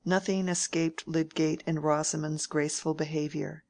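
A woman reads a classic novel aloud as an audiobook narrator. Her voice is low and her delivery is measured and even. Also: no echo.

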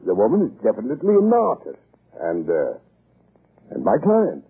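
An actor playing a pompous, blustering older English lord in 1940s radio acting, who stammers with "uh" when cornered. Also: male voice, medium pitch, wildly swooping pitch, moderate pace, husky, exaggerated voice. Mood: evasive. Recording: muffled lo-fi old radio broadcast.

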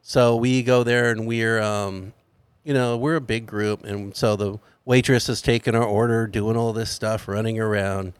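A man's voice: lowish voice, moderate pace, clean tone, no echo. A middle-aged man casually telling a funny family story on a podcast, acting out the people he quotes. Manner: animated anecdote teller, acts out quoted voices. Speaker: podcast host.

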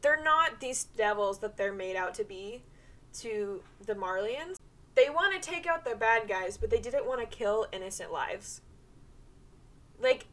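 A woman's voice: mid-range voice, unhurried, fairly bright tone. A woman chatting casually, laughing and swearing. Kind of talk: casual chat.

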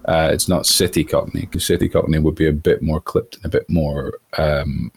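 Low husky man, halting and thoughtful. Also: fairly even intonation, dry recording. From outside the United States. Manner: thoughtful, halting, restarts often. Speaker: voice actor guest. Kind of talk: casual interview chat.

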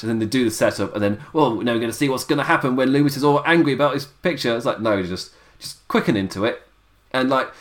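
Chuckly man rambling through a review. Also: mid-range voice. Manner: rambling, chuckling often, many "uh" fillers. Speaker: wrestling show reviewer. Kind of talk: casual spoken review.

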